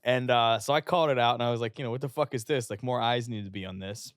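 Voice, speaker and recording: Profane, animated man telling stories. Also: medium pitch, fast, smooth, no room sound, clean studio sound. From West Virginia. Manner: profane, animated storyteller who acts out quotes. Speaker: guest, fitness influencer. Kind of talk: casual storytelling. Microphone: podcast studio microphone.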